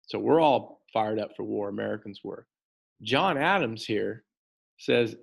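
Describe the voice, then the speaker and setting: A man teaching a history lesson in an animated way, talking straight to his students and often repeating words as he goes. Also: lowish voice, a little slow, creaky, slightly rough. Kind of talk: classroom lecture.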